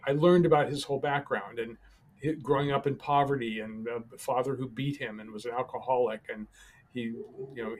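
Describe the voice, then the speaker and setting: A man with a mid-range voice appears as a podcast guest, recounting a personal story calmly and haltingly with frequent pauses and restarts.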